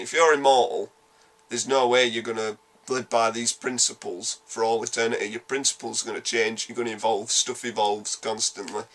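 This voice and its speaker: A medium-pitched man with a Yorkshire accent talks through a game review casually. He rushes and rambles through what he thinks, animated, blunt and quick to curse.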